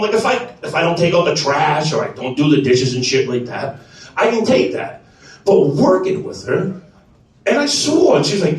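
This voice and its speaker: High, animated comedian in an echoey club. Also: male voice, brisk. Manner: animated, profane, bursts into loud shouts. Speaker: stand-up comedian. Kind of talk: stand-up set. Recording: echoey club room picked up from a distance.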